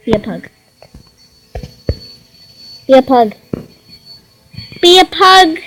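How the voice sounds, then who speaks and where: A young woman casually commenting while playing a game, excitable and giggly. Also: high voice, a little hiss or hum, low-quality recording. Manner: excitable, giggly, slow and drawn-out. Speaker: game player.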